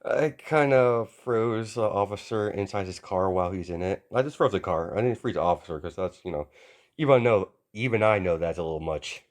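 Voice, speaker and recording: Brief: laid-back teen boy, as a man puts him on, low-key and casual. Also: a little fast, lightly acted. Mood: sheepish. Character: cocky teenage boy with an ice power. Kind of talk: amateur voiced fan story.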